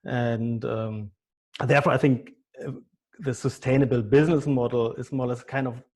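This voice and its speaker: A man in his fifties with a German accent, a business consultant answering interview questions haltingly, often repeating words. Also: mid-range voice, steady tone, darkish tone, slightly rough. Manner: halting, repeats words, non-native phrasing. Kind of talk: podcast interview.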